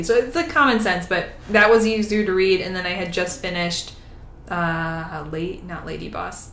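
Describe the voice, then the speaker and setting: A young woman co-hosting a podcast in casual chat, animated, swearing freely and laughing often. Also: fairly low pitch, normal speed, reverberant, slight background noise. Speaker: podcast co-host.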